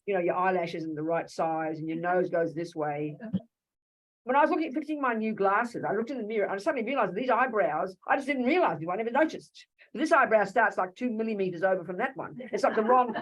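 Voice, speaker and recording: An Australian woman teaching Buddhism to a live audience in a lively, conversational way, often asking rhetorical questions. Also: medium pitch, poor audio. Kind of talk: dharma talk to a live audience.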